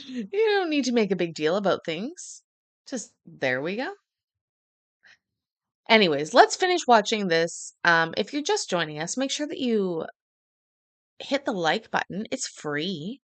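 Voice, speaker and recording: A woman's voice: medium pitch, very animated, a little slow, dry recording. A woman streamer casually telling a rambling, profane story to her live stream.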